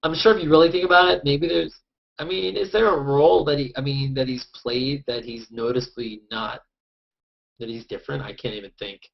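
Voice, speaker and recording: A man's voice: mid-range voice, a little fast, creaky. A man hosting a casual video-call chat, bantering playfully and joking. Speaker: host. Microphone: headphones on a video call. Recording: dull lo-fi web call.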